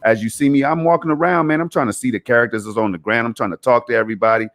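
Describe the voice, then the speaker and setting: A man's voice: mid-range voice, steady tone, racing, a bit bright. A man hosting a casual gaming podcast, talking in a laid-back, slangy way and dropping "man" and "bro" into most sentences. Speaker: podcast host.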